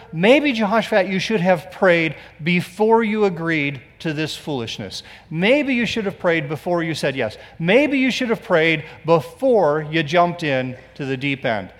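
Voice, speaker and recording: A man's voice: on the high side, sing-song, moderate pace, in a large hall. A male pastor preaching a sermon, telling the story with sarcastic asides and acted-out quotes.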